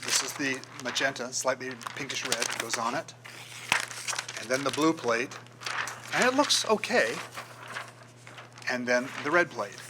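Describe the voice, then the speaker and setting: An older man, a graphic designer, is a guest speaker giving a casual talk to a club in a meeting room. His voice is mid-range with fairly even intonation at a moderate pace, against a noisy background. He tells stories and acts out the voices he quotes.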